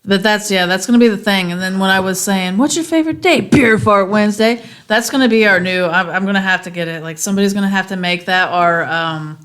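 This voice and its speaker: A woman's voice: mid-range voice, fairly even intonation, fairly quick, hardly any pauses, fairly bright tone. A woman co-hosting a podcast in casual, joking chat, rambling and restarting as she brainstorms. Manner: rambling, restarts often when brainstorming jokes. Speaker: podcast co-host.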